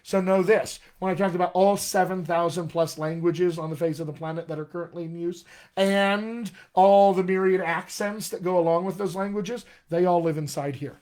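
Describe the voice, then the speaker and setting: A man's voice: sits high, steady tone, normal speed, a little mellow. A man teaching accents and vowels as a dialect coach in a live online lesson, explaining patiently and often checking in with "all right?".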